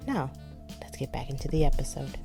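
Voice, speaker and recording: A woman hosting a book podcast, retelling a favorite scene in an animated, chatty way. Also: a bass voice, fairly quick, gravelly, over music. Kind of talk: casual book review chat.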